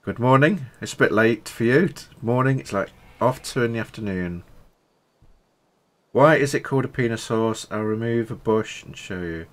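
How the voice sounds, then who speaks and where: A man from Britain on a live game stream, chatting and answering viewers' questions between pauses. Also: mid-range voice. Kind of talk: live gameplay stream, reading chat.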